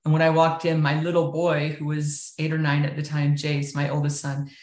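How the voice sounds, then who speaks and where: Woman, low voice, earnest candid testimony, interview guest, roomy echo. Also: completely flat delivery, moderate pace, darkish tone. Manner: earnest, candid storytelling with frequent fillers. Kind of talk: personal faith testimony in an interview.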